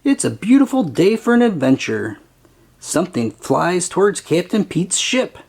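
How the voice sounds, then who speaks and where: A reader narrating a children's picture book aloud in a slow, expressive, sing-song way. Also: mid-range voice, gravelly, husky. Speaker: storybook reader.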